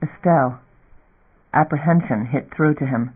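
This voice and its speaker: Guy reading a sci-fi book aloud, kinda high voice, tinny phone-line audio. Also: moderate pace, breathy edge. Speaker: audiobook narrator. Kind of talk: scripted narration.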